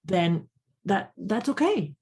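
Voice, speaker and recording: A woman's voice: mid-range voice, sing-song, slow, a little mellow, slightly rough. A woman co-hosting a casual podcast who talks thoughtfully and often repeats words while searching for them. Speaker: podcast co-host and coach.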